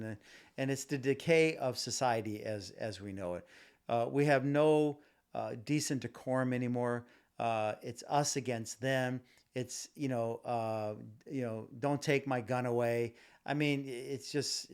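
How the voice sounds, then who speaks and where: A man hosting his own podcast, ranting solo with passion, repeating himself and stumbling over restarts and fillers. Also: medium pitch. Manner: impassioned, repetitive, many fillers and restarts. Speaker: podcast host. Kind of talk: casual solo podcast rant. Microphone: home podcast mic.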